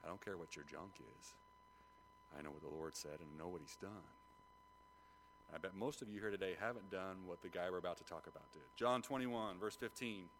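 A man preaching a sermon, retelling a Bible story with lively acted-out voices. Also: deep voice, a little fast, slight background noise, rough recording. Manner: animated storytelling, acts out the voices of biblical figures. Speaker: pastor.

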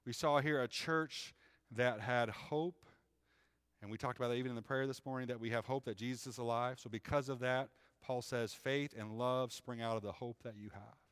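A man's voice: mid-range voice, fairly even intonation, a bit bright, clear, resonant tone, dry recording. A man preaching a sermon as the pastor, conversational and plain-spoken, often checking in with "right?". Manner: reads scripture aloud in a raised, slower voice.

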